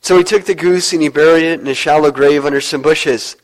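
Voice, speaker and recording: A man preaching a sermon as pastor, telling a story earnestly and dropping low to stress his points. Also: fairly even intonation, a little fast, poor audio.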